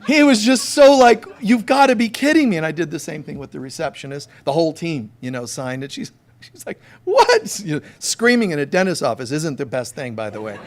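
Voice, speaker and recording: A man's voice: fairly high pitch, big pitch swings, fast talker. A man preaching a conversational sermon as a spiritual teacher, emphatic and storytelling, talking straight to his listeners. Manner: emphatic, direct address to listeners.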